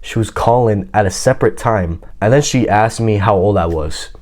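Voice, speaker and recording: A man with a fairly low voice tells a personal story in casual, slangy talk. He comes across as boastful and self-assured. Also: normal speed, a little mellow.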